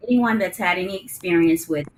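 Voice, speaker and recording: Woman guest, very low voice, halting, lots of ums, faint background noise. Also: darkish tone, low-quality recording. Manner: halting, many ums and uhs. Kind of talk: casual interview chat. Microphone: video call.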